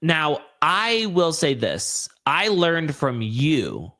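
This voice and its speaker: A man's voice: a little high, huge pitch swings, very slow, bright, forceful tone, no echo, clean studio sound. A man hosting a podcast, chatting casually about reality TV with lots of fillers and playful asides. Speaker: podcast host. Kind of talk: casual chat.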